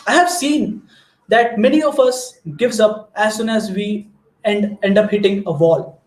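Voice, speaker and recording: Indian guy w a high voice giving a pep talk to students, earnest, tells little stories, roomy echo. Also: unhurried. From Maharashtra, India. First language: Marathi. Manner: earnest, storytelling, frequent restarts. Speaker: guest speaker. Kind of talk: motivational talk.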